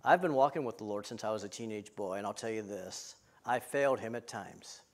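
A male pastor delivering a sermon in a rhythmic, repetitive cadence, moving between loud emphatic lines and hushed, intimate ones. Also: on the low side, brisk.

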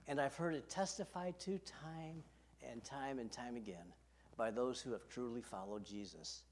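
A man's voice: medium pitch, normal speed. A man preaching a sermon as pastor from a podium, earnest and emphatic, asking his listeners direct questions. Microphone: podium microphone.

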